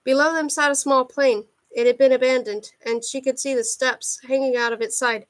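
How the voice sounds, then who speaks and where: A woman reading a novel aloud as an audiobook narrator, in an even, steady voice. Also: high-pitched, normal speed. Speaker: audiobook reader.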